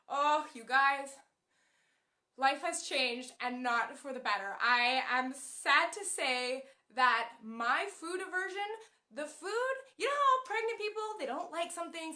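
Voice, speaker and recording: A young woman chatting to camera in a casual vlog, telling stories with animated, emotional energy and acting out quotes. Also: high voice, reverberant. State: pregnant. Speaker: vlogger.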